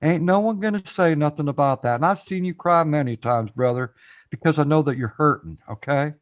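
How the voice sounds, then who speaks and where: A man's voice: fairly high pitch, brisk. Encouraging man hosting a live stream. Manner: encouraging, repeats phrases, addresses chat directly. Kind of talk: casual live stream chat.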